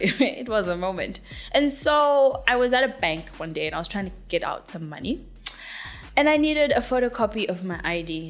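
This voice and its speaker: A young Zimbabwean singer-songwriter answers interview questions, chatty and giggly, with lots of fillers. Her voice is mid-range.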